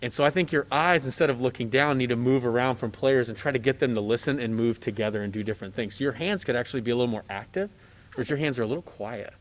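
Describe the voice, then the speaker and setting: A man's voice: medium pitch, fast. Middle-aged male clinician, direct rehearsal coaching with light joking. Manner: direct, joking, talks through examples. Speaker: conducting clinician.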